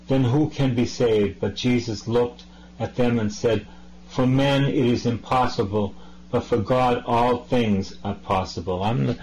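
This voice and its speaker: A man's voice: medium pitch, a little hiss or hum, low-quality recording. A man preaching a sermon, reading scripture aloud and then explaining it in a conversational way, with some false starts.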